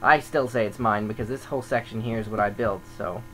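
A man's voice: fairly low pitch, steady tone, a little fast, slight background noise, rough recording. A man talking casually over gameplay as a server admin, grumbling and thinking aloud as he goes.

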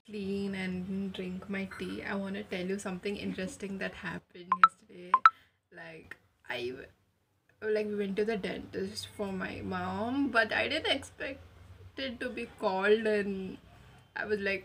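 A woman's voice: mid-range voice, fairly even intonation, a little slow, bright, forceful tone, slight background noise, rough recording. A young woman chatting casually in a vlog, rambling with lots of fillers and poking fun at herself. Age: young adult. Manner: rambling, filler-heavy, self-mocking. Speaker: vlogger. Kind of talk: casual vlog voice-over chat.

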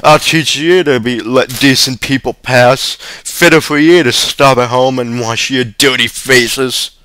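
A man reading aloud and voicing a small drunk boy who shouts in loud, indignant bursts. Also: mid-range voice, fairly even intonation, unhurried, clear, resonant tone. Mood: angry shouting.

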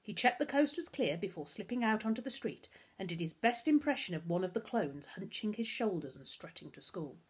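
A woman, a primary school teacher reading a children's novel aloud with expressive storytelling. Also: medium pitch, a little fast, few pauses, husky.

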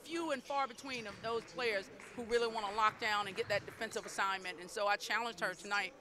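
A woman's voice: medium pitch, fairly even intonation, brisk, a crowd in the background. A middle-aged woman, a basketball coach, talking effusively and proudly in a postgame interview, often repeating herself. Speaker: women's basketball head coach.

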